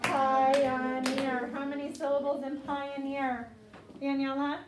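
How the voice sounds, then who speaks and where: High-voiced teacher in an echoey classroom. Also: female voice, expressive, very noisy. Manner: slow, clear call-and-response teaching. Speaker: second grade teacher. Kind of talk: classroom vocabulary lesson. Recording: echoey classroom mic from far off.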